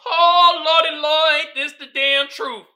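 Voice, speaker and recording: A man hosting a podcast, in casual comedic commentary that is animated and profane, with frequent laughs. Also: extremely high pitch, measured pace. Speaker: podcast host.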